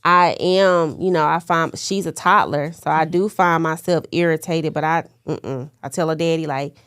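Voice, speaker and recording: A woman's voice: low voice, steady tone, normal speed, fairly bright tone, clear, resonant tone, no room sound. Casual young woman on a dry mic. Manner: casual, laughing asides, many fillers. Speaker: podcast co-host. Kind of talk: casual faith chat.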